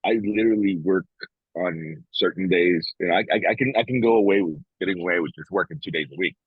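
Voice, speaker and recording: A man's voice: low voice, a little fast, husky, no room sound, narrow, tinny audio. A man co-hosting a casual podcast, speaking frankly and reflectively, swearing freely and often restarting his sentences. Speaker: podcast co-host.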